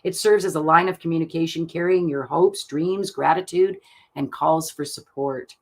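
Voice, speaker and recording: A woman giving card readings on a live stream, reading out card texts in a soft, gentle manner and laughing often. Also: sits low, steady tone, normal speed. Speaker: tarot card reader.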